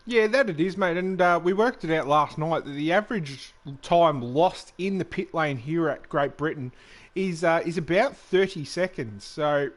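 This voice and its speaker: Relaxed man commentating sim racing. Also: on the high side, normal speed. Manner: relaxed, many fillers and restarts, says "mate". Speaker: co-commentator and league driver.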